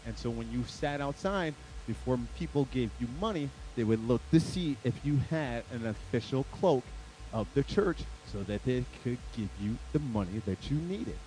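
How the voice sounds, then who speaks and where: This guest speaker's church sermon is lively and playful, shifting from loud emphasis to soft, sincere moments. He has a mid-range voice at a normal speed, and the poor recording carries a little hiss or hum.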